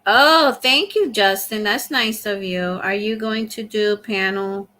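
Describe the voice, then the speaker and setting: A woman's voice: mid-range voice, a little slow, pushed and bright. A middle-aged woman hosting a casual live stream, chatting and thanking viewers as she reads their comments aloud. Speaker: livestream host.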